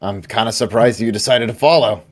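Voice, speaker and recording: A man's voice: on the low side, brisk, slightly rough, soft background music. A man voicing a flustered, easygoing male warrior who talks hesitantly with many fillers.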